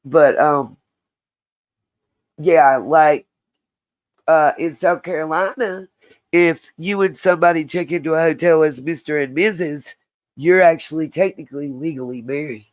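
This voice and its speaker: A woman's voice: low-pitched, measured pace, pauses often, poor audio. Blunt woman ranting on a livestream. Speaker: channel host. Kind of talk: livestream commentary.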